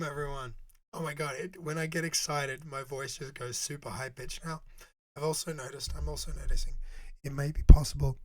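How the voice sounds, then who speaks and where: Squeaky-voiced man with a sore throat. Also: steady tone, normal speed. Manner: chatty, talks to viewers while setting up. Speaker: live streamer. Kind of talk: casual live-stream chat.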